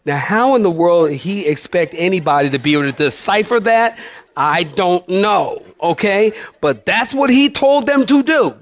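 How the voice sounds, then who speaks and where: A man's voice: high voice, lively intonation, moderate pace. A man in his fifties, a pastor telling a funny story in a sermon, folksy and laughing often.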